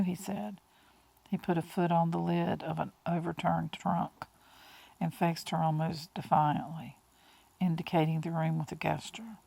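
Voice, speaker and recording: A woman reading an audiobook in a slow, hushed way, with breathy whispered words. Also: low-pitched, level tone, no echo, low-quality recording. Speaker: audiobook narrator. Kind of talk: audiobook narration.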